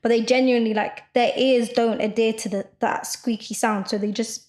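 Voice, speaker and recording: Loud, fast-talking young woman. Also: fairly high pitch, fairly even intonation. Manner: loud, fast rambling with many fillers. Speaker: podcast co-host. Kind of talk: casual chat.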